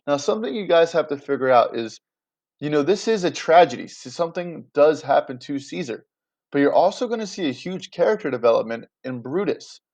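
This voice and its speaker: A man's voice: on the high side, lively intonation, brisk, darkish tone, dull audio. A man teaching a class in a casual, chatty way, often checking in with his students. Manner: chatty, checks in with "right?" and "you guys".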